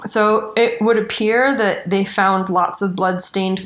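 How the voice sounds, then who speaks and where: A woman, mid-pitched, telling a grisly story on a casual podcast with animated, swearing delivery. Her voice sounds roomy and echoey, as if recorded in an untreated room. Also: slow pace, hardly any pauses. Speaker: podcast co-host. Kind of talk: casual true-crime podcast chat. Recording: roomy echo.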